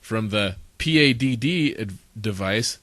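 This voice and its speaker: A man's voice: on the low side, expressive, unhurried, fairly bright tone, no echo. A man co-hosting a casual podcast with a chatty, laughing manner and many filler "uh"s, reading listener feedback aloud. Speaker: podcast co-host.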